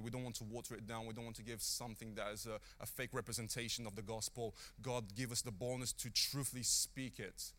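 A man preaching a sermon with earnest, animated delivery, acting out the people in his stories. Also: medium pitch, a little fast.

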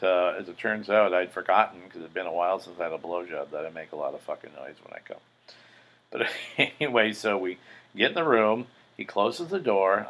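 A man's voice: low-pitched, fairly bright tone, rough recording. A middle-aged man hosting a podcast, telling a long story in a rambling, profane way with lots of filler words. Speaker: podcast host. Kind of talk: casual storytelling monologue.

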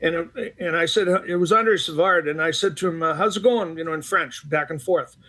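Brisk and bright, with a pushed quality and fairly high pitch, the retired hockey referee from the Boston area shares anecdotes as a guest in a casual interview. He acts out quoted exchanges, breaking them up with filler-heavy restarts.

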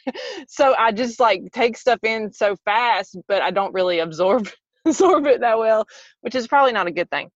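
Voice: mid-range voice, animated, no room sound, dull audio. Laughing guest with a southern drawl. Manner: laughs often, quick and self-deprecating. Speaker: podcast guest. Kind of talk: casual conversation.

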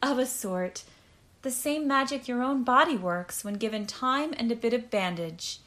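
A woman doing a gentle young healer. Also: fairly high pitch, normal speed, lightly acted. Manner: soft and soothing.

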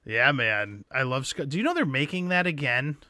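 A man co-hosting a casual podcast, animated and joking, acting out movie scenes. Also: mid-range voice, moderate pace, no room sound, clean studio sound. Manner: animated, acts out scenes in exaggerated voices. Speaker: podcast co-host. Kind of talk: casual chat.

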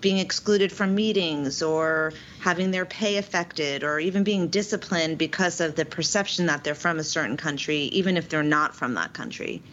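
A woman co-hosts a legal podcast, calmly steering the talk with questions. Her voice sits low for a woman. The recording is dull and lo-fi with a faint hiss underneath. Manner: measured, poses questions. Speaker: podcast co-host. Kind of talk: conversational legal podcast discussion. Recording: dull lo-fi audio with faint noise.

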